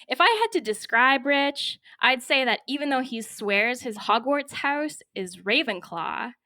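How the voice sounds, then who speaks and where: A young woman from Canada telling a lively personal story with wry humor, recorded at her home. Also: fairly high pitch, dry recording, studio quality. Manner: lively, vivid scene-setting with wry humor. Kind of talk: personal story told to a podcast.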